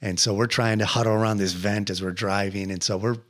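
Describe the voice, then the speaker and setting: A man's voice: on the low side, fairly quick. Young man telling a story. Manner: animated retelling with laughs and acted-out quotes. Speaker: podcast host. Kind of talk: casual storytelling interview.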